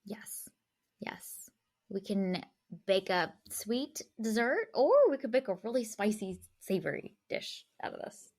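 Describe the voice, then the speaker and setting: A woman's voice: medium pitch, expressive, a little slow, a little mellow. A woman co-hosting a film podcast, chatting casually, laughing often and reading the show's sign-off. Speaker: podcast co-host. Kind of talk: casual chat.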